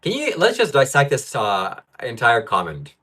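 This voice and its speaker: A man's voice: medium pitch, huge pitch swings, moderate pace, sharp tone, slightly rough. A man hosting a live stream from home, reading out viewer comments and ranting about them in frustration. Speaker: livestream host. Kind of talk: livestream talk.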